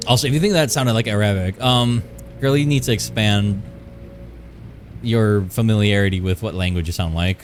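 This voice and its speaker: Male streamer, lowish voice, loose and rambling casual chat with viewers, light music underneath. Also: moderate pace. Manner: playful, rambling, chats with viewers. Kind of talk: casual live-stream chat while drawing.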